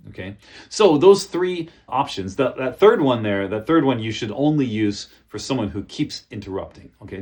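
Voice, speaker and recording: A man teaching business English in a casual talk to camera. He checks in often with "okay?" and "you know", and calmly demonstrates useful phrases. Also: lowish voice. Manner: demonstrates phrases in a calm, friendly voice. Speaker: English coach.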